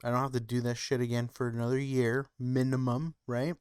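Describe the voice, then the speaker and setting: A man co-hosting a podcast in casual chat, laid-back and halting. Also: mid-range voice, level tone, darkish tone, clean tone, no room sound, studio quality. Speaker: podcast co-host.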